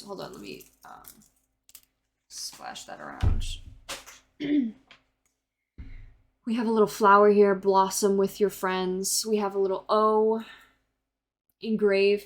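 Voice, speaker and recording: A young woman in her early twenties talks through a tarot reading in a loose, unscripted way. She rambles, leans on fillers and restarts, and drops the occasional swear word as she explains the cards. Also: mid-range voice. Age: early 20s. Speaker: tarot reader.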